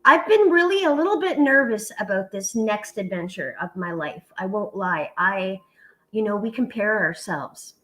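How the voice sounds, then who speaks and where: A woman's voice: medium pitch, lively intonation, moderate pace, a bit bright, rough recording. A middle-aged woman hosting a casual chat, talking in a heartfelt, tearful way and swearing casually. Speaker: vlog host.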